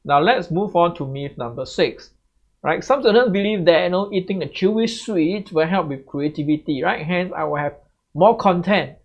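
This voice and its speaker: A man's voice: high voice, normal speed. A man giving exam tips as a tutor, in a chatty way that keeps checking back with "right?". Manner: conversational, tags sentences with "right?". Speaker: English tutor. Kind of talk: exam tips lesson to camera. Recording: slightly muffled lo-fi audio.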